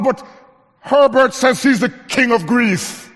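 High-voiced man preaching in a hall. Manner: preaching with wide swings between raised emphatic lines and low quiet ones; slows down to stress key phrases. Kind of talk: sermon.

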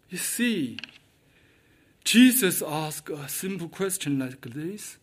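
A man's voice: a little high, animated, slow pace. A man preaching a sermon, repeating his key questions with emphasis.

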